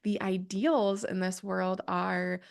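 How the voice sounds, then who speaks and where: A woman's voice: mid-range voice, little pitch movement, takes it slowly, gravelly, smooth. An earnest woman talks as a podcast guest in a mid-range voice. She thinks aloud, drifts into side tangents and corrects herself as she goes. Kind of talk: conversational podcast interview.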